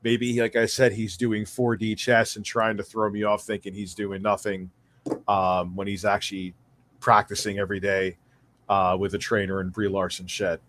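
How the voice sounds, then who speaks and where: A man's voice: fairly low pitch, level tone, moderate pace, a bit bright, slight background noise. A man speaking as a podcast guest, casual, blunt and wry.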